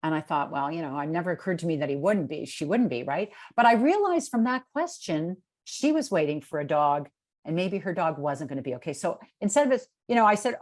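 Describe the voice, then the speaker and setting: A middle-aged woman answering questions on a video call, telling stories in a relaxed way with many fillers and restarts. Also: medium pitch, moderate pace. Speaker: keynote speaker.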